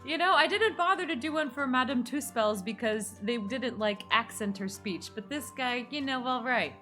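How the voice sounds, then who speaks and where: A woman's voice: a little high, normal speed, pushed and bright, soft background music. A woman streamer chatting casually during a game in a teasing way, often laughing. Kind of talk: casual chat while playing a game on stream.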